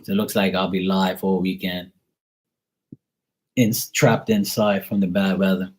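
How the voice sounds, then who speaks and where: Joking, low-voiced man chatting live. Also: level tone, a little slow, husky. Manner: playful, joking, boastful banter with viewers. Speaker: live tarot reader responding to chat. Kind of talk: casual live-stream chat.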